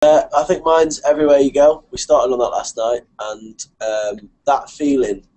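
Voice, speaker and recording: A man's voice: mid-range voice, flat delivery, moderate pace, warm tone, poor audio. A young man in a band, chatting casually and telling stories eagerly. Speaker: band member. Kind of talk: casual chat.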